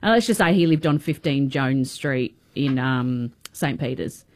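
Low-voiced woman co-host. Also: animated, a little mellow. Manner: quick, chatty, laughs along. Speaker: radio co-host. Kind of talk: breakfast radio chat.

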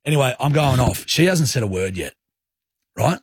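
Husky Australian radio co-host. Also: male voice, mid-range voice, animated, normal speed, no room sound, studio quality. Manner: rambling, acts out his own quoted outbursts. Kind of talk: animated breakfast-radio storytelling. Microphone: studio microphone.

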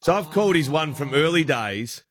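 An Australian man hosting a breakfast radio show, telling rambling, chatty anecdotes with quick restarts. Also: on the high side, expressive, slightly rough, dry recording, clean studio sound. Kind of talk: casual radio banter, storytelling. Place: radio studio.

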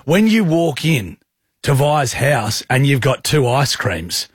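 A man's voice: mid-range voice, very animated, breathy edge, no room sound, studio quality. A man co-hosting a radio show, teasing his co-host with jokey asides. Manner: teasing, jokey, does quick character voices. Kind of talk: casual radio banter. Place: radio studio.

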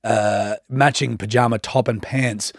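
A man's voice: fairly low pitch, fairly even intonation, a little slow, dry recording, studio quality. An Australian man in his thirties, a radio host telling a story on air and acting out everyone's lines.

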